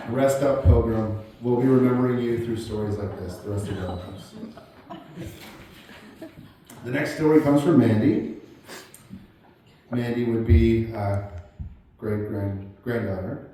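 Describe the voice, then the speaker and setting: A man in his forties giving a eulogy for his grandfather, reading family memories aloud in a halting way with many fillers and chuckles. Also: mid-range voice, warm tone. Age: 40s. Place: large hall at a memorial gathering. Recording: very echoey hall, voice heard from far off, faint room noise.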